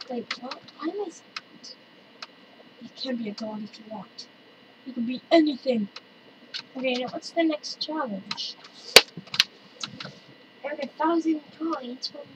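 A woman chatting excitedly through her own gameplay and calling out to other players. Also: high-pitched. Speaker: let's-play gamer. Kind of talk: casual gameplay commentary. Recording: distant mic with loud noise.

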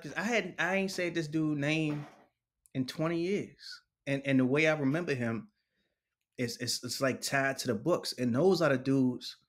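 A man in his forties telling stories casually in an interview, slangy and lively, acting out other people's voices and laughing often. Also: mid-range voice. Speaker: interviewee, poet.

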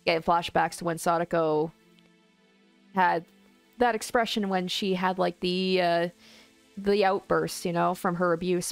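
A woman's voice: fairly low pitch, fairly even intonation, measured pace, creaky, pauses often, clean tone, dry recording, soft background music. A woman reading a visual novel aloud and reacting casually between passages, with exclamations and musing asides. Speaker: let's play host.

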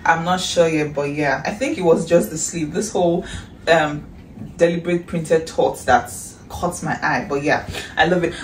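A woman with a Nigerian accent chatting in a casual haul vlog, excitable and gushing, breaking into shrieks and breathy exclamations. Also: sits low. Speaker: vlogger. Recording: echoey room, distant mic, faint hiss.

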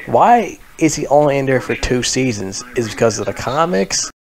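A man's voice: mid-range voice, animated, normal speed, gravelly, faint music behind. A man ranting in a casual vlog, heated and frustrated, swearing a lot and leaning on filler words. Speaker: vlogger. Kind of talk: casual rant about a TV show.

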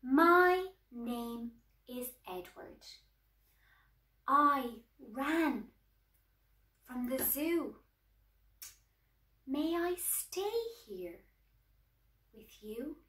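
A woman reading as a lonely gentle elephant. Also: high-pitched, expressive, drawn-out words, long pauses, reverberant, distant mic, full character voice. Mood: pleading.

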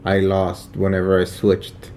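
A man's voice: low-pitched, completely flat delivery, a little slow, darkish tone, a little hiss or hum. A man arguing in casual chat, stubborn and dismissive. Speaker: vlogger's partner.

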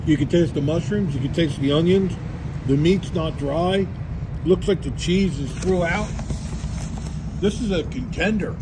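A man's voice: fairly high pitch, measured pace, noisy background. A man co-hosting a casual food-review show, enthusiastic and wisecracking as he tastes.

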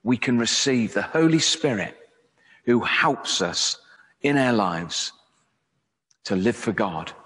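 A man preaching a sermon, speaking slowly and gently with soft, reflective pauses. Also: mid-range voice, animated. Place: church. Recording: church hall reverb.

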